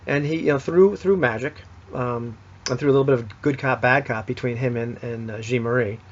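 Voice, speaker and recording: Husky man rambling through a game recap. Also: mid-range voice, a little fast. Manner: rambling, full of fillers and restarts. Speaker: player recapping a tabletop game session. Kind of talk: casual spoken recap. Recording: dull lo-fi recording.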